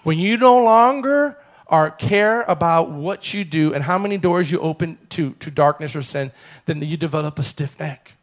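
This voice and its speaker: A man preaching a sermon as pastor, calling on the congregation to repeat phrases and building to loud, fervent passages. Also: a little high, normal speed, few pauses. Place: church.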